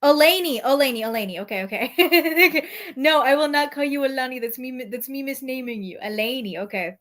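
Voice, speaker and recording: A woman's voice: sits high, normal speed, a bit bright. A woman streamer reacting to her chat in casual commentary, sarcastic and profane.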